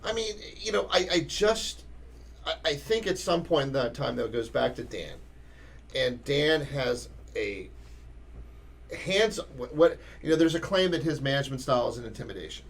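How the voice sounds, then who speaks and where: A man's voice: mid-range voice, animated, normal speed, gravelly. Emphatic man talking sports. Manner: emphatic, restarts often. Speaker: podcast co-host. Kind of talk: casual sports talk.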